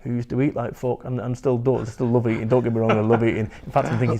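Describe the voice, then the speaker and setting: A man's voice: mid-range voice, little pitch movement, fast talker, warm tone. A man, a motivational speaker talking bluntly and animatedly in an interview, swearing freely. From England. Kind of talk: candid interview talk.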